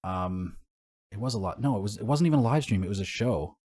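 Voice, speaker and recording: Laid-back teasing man, low voice. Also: expressive, quick pace, mellow, breathy edge. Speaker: podcast co-host, music promoter. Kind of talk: casual podcast chat.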